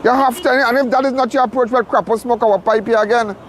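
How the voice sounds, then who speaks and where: A man's voice: very high voice, fairly even intonation, fast talker, background noise. A man hosting a crime show, giving urgent, repetitive live commentary from a crime scene.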